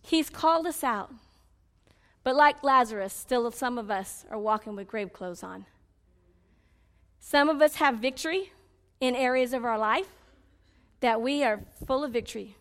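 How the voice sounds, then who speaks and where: A woman preaching a sermon, swinging between loud pleading cries and low confiding asides. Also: measured pace, pauses often, in a large hall.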